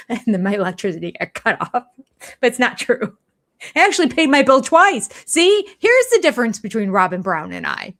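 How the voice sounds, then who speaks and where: A woman's voice: a little high, big pitch swings, normal speed, a bit bright. An older woman giving blunt, sarcastic live reaction commentary to a reality show, laughing often as she talks. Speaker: reaction vlogger.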